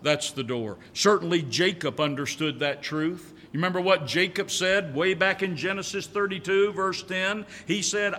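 A man's voice: high voice, animated, moderate pace, hardly any pauses, bright, forceful tone, in a large hall. A male pastor preaching a sermon in a church, folksy and repetitive, drawing out key words. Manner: folksy, repeats phrases, stretches key words.

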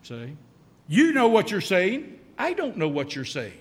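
A man's voice: high-pitched, wildly swooping pitch, measured pace, slightly rough, in a large hall. A man preaching a sermon as pastor in a church, emphatic, repeating key lines and asking rhetorical questions.

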